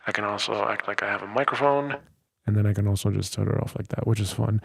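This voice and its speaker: A man's voice: fairly low pitch, fast, gravelly, fairly bright tone, a little hiss or hum. A tired man hosting a livestream, rambling and thinking aloud into a close studio mic. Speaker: livestream host. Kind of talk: casual livestream chat. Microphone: close studio dynamic mic.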